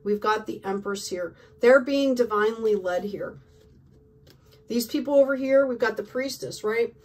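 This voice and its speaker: A woman's voice: fairly high pitch, normal speed, darkish tone, far from the mic. A woman giving a casual tarot reading, talking effusively and peppering her speech with "like", "right?" and "okay?". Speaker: tarot reader.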